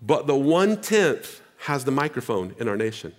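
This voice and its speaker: A male pastor preaching a sermon, moving between casual asides to the congregation and loud exhortation. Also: mid-range voice, very animated, moderate pace.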